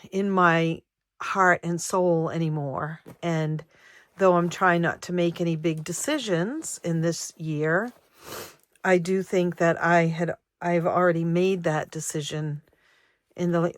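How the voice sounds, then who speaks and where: An older woman in her sixties talks slowly and haltingly into her vlog, pausing on ums and starting her sentences over. Her voice sits a little low and sounds reflective and emotional. The sound is close and dry. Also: no echo. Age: 60s. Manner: halting, with many ums and restarts. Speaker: savings vlogger. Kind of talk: personal vlog chat.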